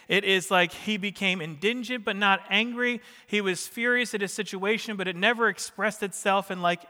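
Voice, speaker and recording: High, bright-voiced preacher man in a reverberant church. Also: clean tone. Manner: conversational preaching with jokes and questions to the congregation. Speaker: pastor. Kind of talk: sermon.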